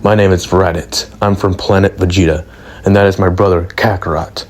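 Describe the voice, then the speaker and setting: A man's voice: deep voice, level tone, brisk. A man voicing a brash, blunt young Saiyan boy, reading the lines plainly within his narration.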